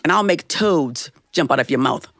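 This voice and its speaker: A woman's voice: low-pitched, lively intonation, normal speed, pitched below the performer's own voice. A woman storyteller voicing a sassy, stern old fairy who scolds sharply. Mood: scolding. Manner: sharp-tongued, scolding, calls people honey.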